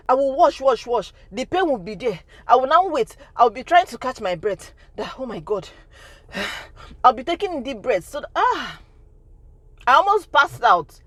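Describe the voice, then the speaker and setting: Nigerian woman, 30s, vlogger telling a testimony with animated, emphatic delivery. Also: a little high, moderate pace, dry recording. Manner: emphatic, repeats phrases for effect. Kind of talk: storytime testimony vlog.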